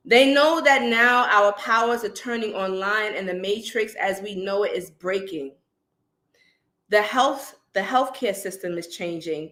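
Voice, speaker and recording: A woman's voice: medium pitch, fairly bright tone. A woman hosting a spiritual livestream, stuffy and nasal from a cold, preaching to her viewers in a rallying way and calling them family. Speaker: spiritual channel host. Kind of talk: livestream talk to viewers in chat.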